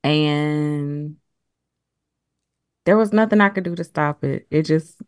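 A woman co-hosting a podcast, talking in casual chat in an expressive, emphatic way. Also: low voice, measured pace, dry recording, clean studio sound. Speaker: podcast co-host.

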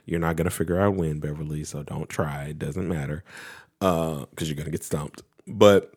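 Very deep-voiced man, casual podcast chat. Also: steady tone, normal speed, a little mellow, husky. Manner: rambling, many "like" fillers and restarts. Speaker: podcast co-host.

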